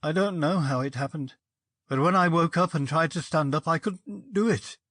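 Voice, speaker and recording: A man reading a story aloud, voicing a distressed young policeman who talks tearfully and haltingly. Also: fairly high pitch, a bit bright, no echo, voice pushed up.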